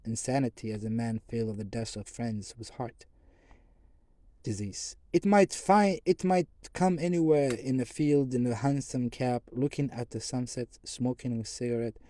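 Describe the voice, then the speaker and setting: A male audiobook narrator with a dark, mellow voice reads in first person at a measured pace. He sometimes trips over a word and restarts it. The sound is dry and close. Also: mid-range voice, no room sound. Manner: measured reading with occasional stumbles and restarts.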